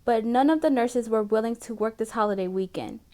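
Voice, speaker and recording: Man doing a high-voiced young nurse, shaky and earnest, defending herself in a storybook reading. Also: a little fast, a little mellow, natural voice. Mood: defensive. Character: frightened young woman nurse, defensive and tearful.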